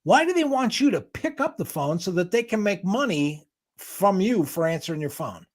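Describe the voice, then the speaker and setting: A man bantering on a talk show with a high voice that swoops up and down. He jokes easily and backs up his co-talker. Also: very animated, normal speed. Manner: joking, sympathetic banter. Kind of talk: casual radio-style chat.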